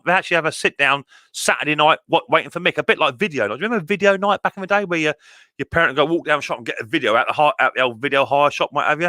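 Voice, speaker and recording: A chatty, cheerful middle-aged man runs a casual live stream from home, welcoming viewers and reading out their comments. His medium-pitched voice is bright and forceful, he speaks quickly, and the sound is close and dry without echo.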